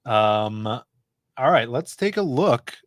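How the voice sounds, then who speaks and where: A man co-hosts a laid-back comics chat, reading viewer posts and setting up the next segment. His pitch is middling. The sound is dry and close. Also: big pitch swings, slow pace, no echo. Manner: reads tweets and chat aloud, steers the topics. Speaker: co-host of comics channel. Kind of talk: casual chat. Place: office.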